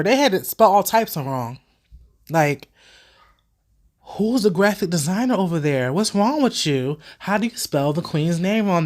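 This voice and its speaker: A young woman talks to her viewers in a loose, animated commentary, swearing without a second thought. Her nose is still a little stuffy from a cold, so her voice comes out slightly blocked. She keeps it casual, like she is catching up with friends. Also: fairly low pitch. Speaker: vlogger host.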